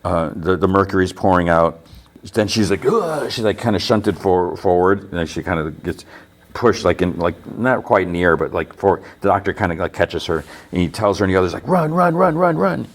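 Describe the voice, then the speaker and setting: Man, low voice, podcast host, rambling casual recap, quotes scenes, restarts often. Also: fairly even intonation, a little fast. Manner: rambling retelling, "he's like" quoting, many restarts.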